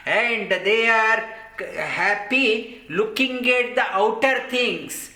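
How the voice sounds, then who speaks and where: A man's voice: high voice, takes it slowly, bright, forceful tone. A man teaching a scripture class, explaining verses in an earnest, repetitive way. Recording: roomy echo.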